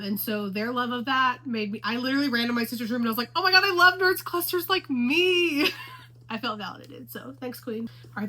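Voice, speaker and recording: A book vlogger from the Houston, Texas area chats casually to the camera about books she loves, gushing and repeating herself for emphasis. Her voice is on the high side, a bit bright and husky, in a low-quality recording.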